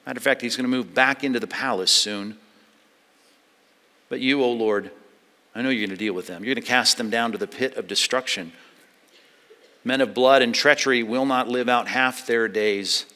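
A man preaching a sermon as pastor, moving between loud emphatic passages and hushed, low ones. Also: normal speed, pauses often. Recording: long hall reverb.

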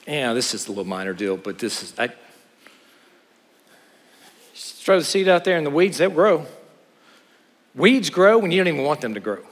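A middle-aged man preaching a sermon to a chapel audience, animated, with joking asides and rhetorical questions. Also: a little high, normal speed, pauses often. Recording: hall with long reverb.

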